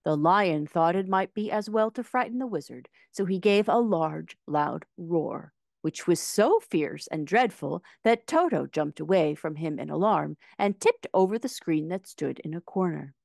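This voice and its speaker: A woman narrating a children's classic aloud in an expressive read-aloud style. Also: lowish voice, measured pace, gravelly, hardly any pauses, no room sound, studio quality. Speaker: audiobook reader.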